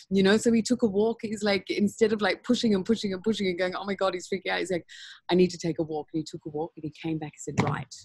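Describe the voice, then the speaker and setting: A woman talking frankly and openly in an interview, animated and laughing often. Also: fairly low pitch, very fast, breathy edge, no room sound. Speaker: interview guest. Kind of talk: candid conversational interview.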